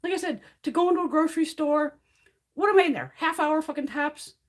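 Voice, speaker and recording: A woman's voice: sits high, a little fast. A middle-aged woman chatting on her livestream, ranting bluntly with lots of swearing and laughter as she reads comments. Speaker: beauty livestream host. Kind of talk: casual chat while reading live comments.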